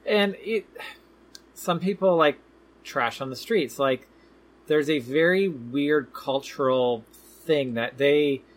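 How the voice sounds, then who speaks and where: A man in his thirties co-hosting a travel podcast, explaining things in a calm, matter-of-fact casual chat. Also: a little high. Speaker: podcast co-host.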